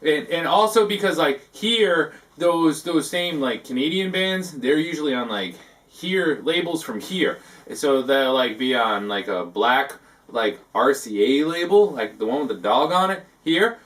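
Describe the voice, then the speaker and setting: A man hosting a comic talk segment, rambling and halting, filling his talk with "like" and tacking on "eh". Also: a little high, lively intonation, fairly bright tone, recorded from a distance. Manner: halting, full of "like" and tacked-on "eh". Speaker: host of a parody talk segment.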